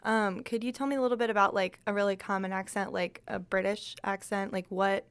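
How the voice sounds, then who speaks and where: A woman's voice: mid-range voice, steady tone, brisk, clean tone. Woman interviewer asking curious questions.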